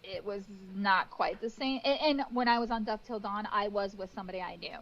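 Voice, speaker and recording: A woman in her thirties, a guest cake decorator in a casual interview, telling lively stories and acting out what people said. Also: medium pitch, brisk, dull audio. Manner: animated storytelling with acted-out quotes and laughs.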